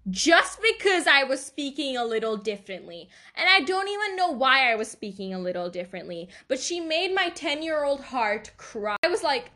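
Bright, forceful and a little high, this young podcast host's voice is animated yet a bit slow. She tells rambling, confessional stories in casual chat, laughing frequently.

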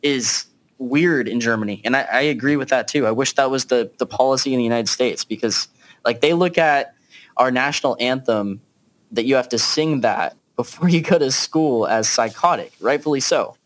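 A man's voice: medium pitch, normal speed. A man hosting a casual podcast discussion, talking in a laid-back, chatty way with plenty of fillers. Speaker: podcast host.

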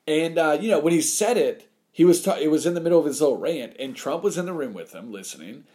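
A man's voice: fairly high pitch, quick pace. A man chatting casually and animatedly, giving blunt opinions with lots of cursing and acted-out quotes. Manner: animated, swears a lot, acts out quotes.

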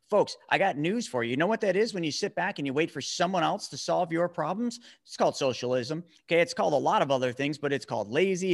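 A fired-up man with a somewhat high voice, speaking as a guest in a podcast interview. He talks bluntly and with emphasis, pressing his points hard. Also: a bit bright. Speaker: guest, money mentor.

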